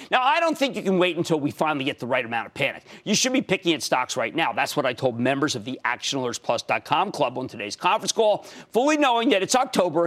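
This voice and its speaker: An excitable man in his sixties with a Philadelphia-area accent, hosting a finance TV show, emphatic and given to shouting bursts. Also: a little high. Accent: Philadelphia-area American. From Pennsylvania. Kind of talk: energetic market commentary and call-in.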